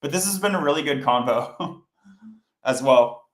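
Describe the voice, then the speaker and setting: A man's voice: fairly high pitch, animated, unhurried, a bit bright. Chatty man teaching code live, roomy sound. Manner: chatty, explains step by step, talks to chat. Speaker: coding livestream host. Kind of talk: casual live coding tutorial. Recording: roomy echo.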